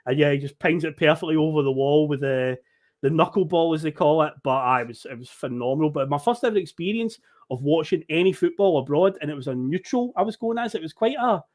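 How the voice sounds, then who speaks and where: A man on a podcast, telling a lively story, acting out the people he met and swearing casually. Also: fairly high pitch, fast. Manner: animated storyteller who acts out quoted people, swears casually.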